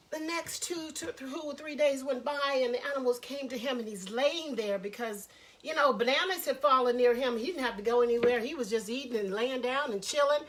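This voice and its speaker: Woman storyteller, children's tale, high voice, lively chatty delivery. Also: fairly quick.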